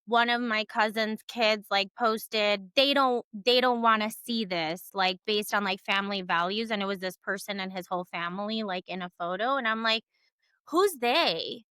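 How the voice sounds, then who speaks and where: A woman's voice: mid-range voice, normal speed, bright, forceful tone, clean tone, no room sound. A woman co-hosting a casual podcast, talking earnestly and emphatically, with frequent "like" fillers. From Cuban family background. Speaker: podcast co-host.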